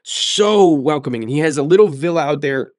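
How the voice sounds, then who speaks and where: A man's voice: on the high side, expressive, a little fast, no room sound. Eager man with a dry close sound. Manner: enthusiastic, emphatic, repeats words. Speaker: podcast host sharing his story. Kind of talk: casual interview storytelling.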